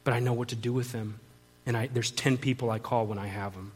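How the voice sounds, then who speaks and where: A man's voice: medium pitch, steady tone, brisk, husky. A man pastor delivering a sermon as an earnest, confessional personal testimony, often restarting his sentences.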